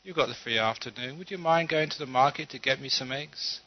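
A man voicing a sweet housewife who speaks gently and coaxingly to her husband. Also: mid-range voice, brisk, muffled recording, close to an everyday voice.

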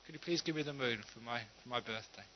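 A man's voice: medium pitch, fast, dull audio, a little hiss or hum, close to an everyday voice. A man playing a young hired actor who pretends to grieve, pleading in a plaintive tone.

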